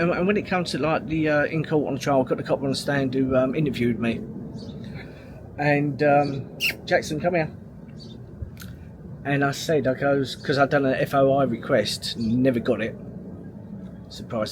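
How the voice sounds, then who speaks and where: A man's voice: medium pitch, a little hiss or hum. Sweary middle-aged man. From England. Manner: sweary, restless, full of restarts and fillers. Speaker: vlogger. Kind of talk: casual rambling storytelling.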